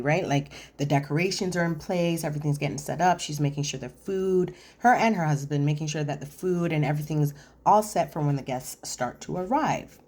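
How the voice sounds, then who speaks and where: Low-pitched woman host, sassy and conversational, recaps reality TV like she's gossiping with a friend. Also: darkish tone. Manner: sassy, chatty, talks straight to viewer. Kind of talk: casual episode recap commentary.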